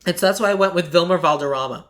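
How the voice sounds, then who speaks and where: A podcast host in casual chat, talking loosely with lots of "like" and quick acted-out quotes. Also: mid-range voice, fairly bright tone. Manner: chatty, fills speech with "like", acts out quick quotes.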